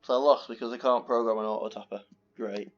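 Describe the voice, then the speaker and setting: A man's voice: medium pitch, fairly even intonation, fast talker, soft background music. A man casually commentating on his own card game, muttering and swearing when annoyed. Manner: swearing, exasperated ranting. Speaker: gaming video host. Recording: dull lo-fi recording.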